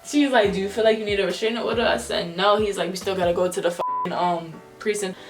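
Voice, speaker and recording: A woman's voice: medium pitch, fast talker, over music. A young woman vlogger telling a storytime in casual slang, acting out the people she quotes. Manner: animated, slangy, acts out quotes in different voices. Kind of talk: storytime vlog.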